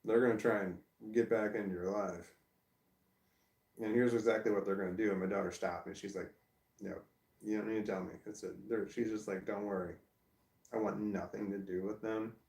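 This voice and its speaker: Middle-aged male vlogger, low gravelly voice, blunt profane rant, echoey room far from the mic. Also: steady tone, fairly quick, darkish tone. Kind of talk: angry personal rant.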